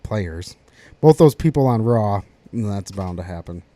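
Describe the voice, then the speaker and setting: A man's voice: lowish voice, a little slow. A man co-hosting a podcast, recapping a wrestling storyline in casual chat and acting out the quotes. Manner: animated storyteller, acts out quotes. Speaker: podcast co-host.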